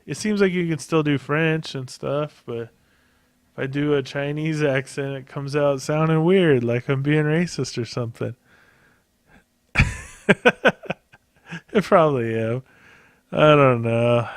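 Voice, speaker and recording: Male podcast host, smooth resonant voice, unhurried, profane, self-amused rambler. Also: on the high side, no room sound. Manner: rambling, profane, laughs often at himself. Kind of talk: casual solo podcast monologue.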